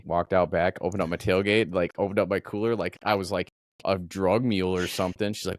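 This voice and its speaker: A man from Minnesota, a podcast host, telling a story in casual chat with animated swearing. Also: deep voice, fast, dry recording, clean studio sound.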